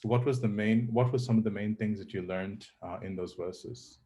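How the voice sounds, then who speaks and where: A man teaching an online scripture class, questioning his students in a measured, probing way with frequent fillers. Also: on the low side, noisy background.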